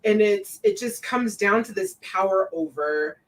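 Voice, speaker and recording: A woman's voice: mid-range voice, wildly swooping pitch, a little slow, recorded from a distance, low-quality recording. A woman from Colorado hosting a podcast, talking animatedly in casual conversation, laughing and swearing freely. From Colorado, USA. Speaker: podcast host.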